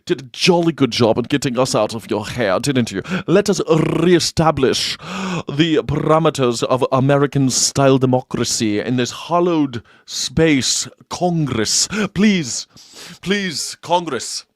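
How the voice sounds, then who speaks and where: A man's voice: mid-range voice, a little slow, dry recording, studio quality, lightly acted. A man putting on the voice of a pompous elderly English king, with a put-on posh English accent and a mock-regal, faltering delivery.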